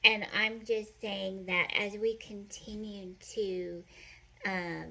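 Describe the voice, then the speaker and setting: A woman doing a casual card reading to camera, playful and joking, laughing often, sometimes slipping into soft whispered affirmations. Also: mid-range voice, steady tone, takes it slowly, gravelly. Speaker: spiritual card reader.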